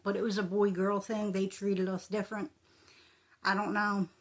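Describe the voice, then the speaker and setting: A woman's voice: medium pitch, level tone, moderate pace. A middle-aged woman tells a personal story in a casual, conversational way, repeating words for emphasis.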